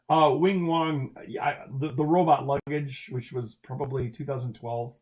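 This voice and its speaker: A man's voice: medium pitch, a little mellow. A man in the middle of his range chats casually on his own livestream, reading out viewer questions and answering them. He rambles freely, stacking fillers and restarting his sentences as he goes. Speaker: livestream host answering chat.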